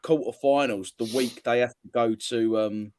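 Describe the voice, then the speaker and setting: A man's voice: mid-range voice, steady tone, moderate pace, darkish tone. A man from England chatting casually about football, rambling with lots of fillers and casual swearing. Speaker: podcast co-host.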